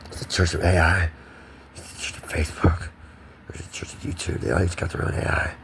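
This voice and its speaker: A man's voice: sits low, a little fast, gravelly, fairly bright tone, whispered, low-quality recording. A man rambling in a monologue to camera, emphatic and preachy, repeating himself. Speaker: vlogger.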